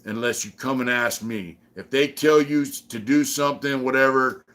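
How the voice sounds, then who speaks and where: A man's voice: mid-range voice, normal speed, a bit bright. A middle-aged man from San Diego hosting a casual livestream, telling prison stories in a rambling, profane way with many fillers. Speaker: channel host.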